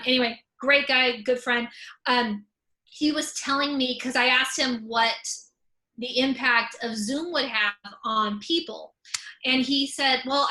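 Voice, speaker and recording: A woman talks over a video call in a relaxed, frank way, often catching on the first sound of a word before pushing through. Her voice is bright and forceful and sits a little high, with humor running through her delivery. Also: low-quality recording. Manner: stutters, repeating first sounds. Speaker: author and comedian. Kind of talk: conversational talk.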